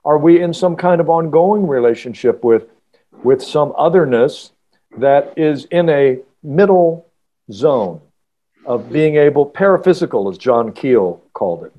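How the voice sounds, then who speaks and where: A man, an author guest on a podcast, telling a story in a halting, earnest way with many restarts. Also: a little high, expressive, warm tone. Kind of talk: casual podcast interview storytelling.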